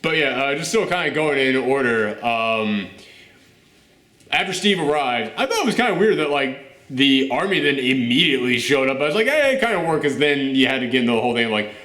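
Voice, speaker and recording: A man hosting a film review podcast at home, gushing and animated, often laughing as he talks. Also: mid-range voice, fairly quick, echoey room. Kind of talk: excited casual film review chat. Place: room at home with a dog nearby.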